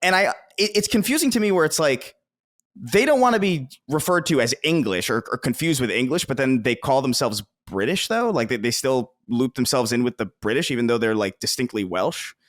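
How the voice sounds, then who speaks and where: Halting, wry podcast man. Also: mid-range voice, animated, a bit bright. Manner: halting, filler-heavy, wry. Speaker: podcast co-host. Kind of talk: casual chat.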